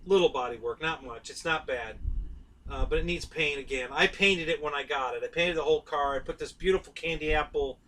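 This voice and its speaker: Middle-aged guy rambling to his stream viewers, bright voice, kinda far from the mic. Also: on the high side, brisk. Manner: rambling, talks to viewers by name. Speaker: live stream host. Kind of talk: casual live-stream chat.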